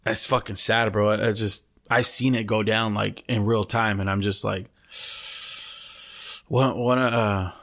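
This young man co-hosts a podcast, spinning lengthy, cursing, slang-heavy stories full of "bro," with Spanish slang mixed into his English. He speaks unhurriedly in a lowish, somewhat bright voice with fairly even intonation.

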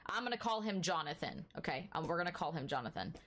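A woman co-hosting a podcast, telling a story in a casual, animated way and filling her speech with "like". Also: low voice, fast. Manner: animated storyteller, heavy use of "like", acts out dialogue. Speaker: podcast co-host.

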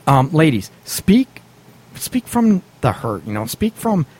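A man's voice: fairly high pitch, big pitch swings, slow, darkish tone, breathy edge. Guy hosting a radio advice show, blunt, cusses a bit, laughs a lot. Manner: blunt, swears casually, laughs often, acts out quoted lines. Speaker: radio show host giving relationship advice. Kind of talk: casual radio talk.

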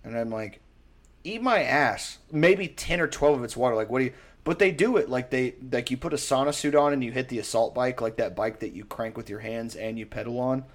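A young man in casual chat, rambling and profane, telling animated stories. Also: mid-range voice, brisk.

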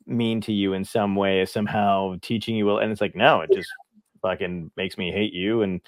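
A man's voice: fairly low pitch, steady tone, normal speed, no echo. A male stand-up comedian from Brooklyn telling stories in a casual, profane chat and acting out the voices of people he quotes. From Brooklyn, New York; grew up in New Jersey. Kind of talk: casual podcast chat, storytelling.

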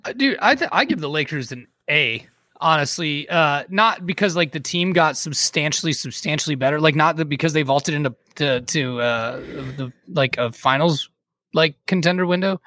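Bright, animated man on a sports podcast. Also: a little high, moderate pace, no echo. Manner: animated, swears, says dude. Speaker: podcast co-host. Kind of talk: casual sports talk.

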